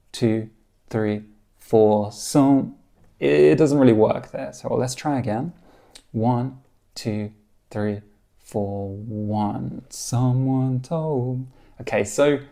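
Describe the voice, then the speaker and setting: Gravelly, mellow-voiced male guitar teacher. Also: medium pitch. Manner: calm, encouraging explaining with counted beats and sung snippets. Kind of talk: online guitar lesson.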